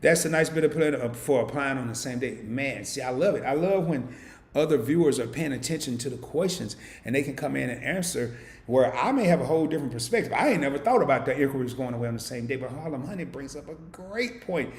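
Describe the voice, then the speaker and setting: A man hosting a casual live stream, reading viewer comments aloud and answering them playfully, swinging from loud hype down to low murmurs. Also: expressive, quick pace, roomy sound. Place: home.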